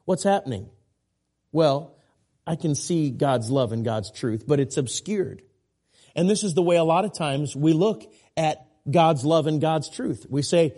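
A man's voice: a little high, lively intonation, unhurried, warm tone. A man in his forties preaching a sermon as a guest preacher, earnest and repetitive, with folksy asides and self-deprecating jokes. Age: 40s.

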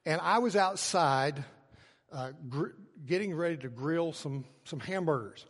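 Storytelling preacher in a reverberant hall. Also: male voice. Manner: storytelling preacher, swings from soft low lines to loud shouts. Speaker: pastor. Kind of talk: sermon.

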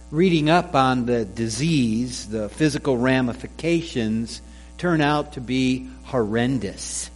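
A man's voice: mid-range voice, darkish tone. A man preaching a sermon, telling a joke with character voices before reading scripture and explaining it. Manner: slow, measured delivery with a joke told in voices. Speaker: pastor. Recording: faint mains hum.

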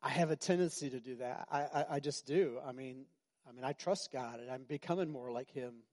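A middle-aged male pastor preaching a sermon in a conversational way, repeating phrases and breaking into sudden shouts. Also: mid-range voice, brisk.

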